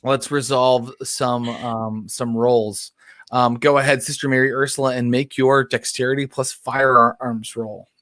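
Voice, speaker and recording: A man running a tabletop roleplaying game as storyteller, calling for dice rolls and narrating outcomes. His voice sits at an ordinary pitch and the recording is dry and close. He speaks in a relaxed way with plenty of fillers. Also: measured pace, no echo. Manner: relaxed, many ums and uhs.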